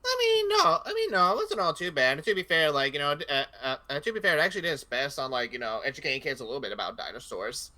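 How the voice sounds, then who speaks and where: A man's voice: a little high, big pitch swings, fast talker, few pauses, bright, forceful tone. A young man chatting casually on a game let's play, full of fillers and crude jokey asides.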